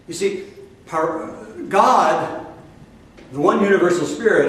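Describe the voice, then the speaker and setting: A man's voice: sits high, a little slow, pauses often, fairly bright tone. A man giving a sermon as a spiritual teacher, emphatic and repetitive, talking directly to his listeners. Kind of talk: sermon to a live audience. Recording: very echoey room from a distance.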